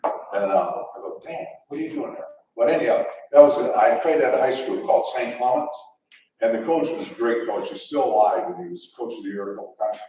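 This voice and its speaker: An older man from the Detroit area entertains a luncheon crowd with rambling football stories, chuckling and restarting often. His mid-range voice is expressive, a bit fast and dark in tone. The distant mic in an echoey event hall picks up a little hiss or hum.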